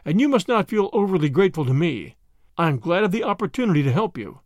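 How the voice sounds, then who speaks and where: Quiet polite stranger, read by a man. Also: high-pitched, big pitch swings, fast, no room sound, clean studio sound. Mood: calm. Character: calm, courteous mysterious male stranger.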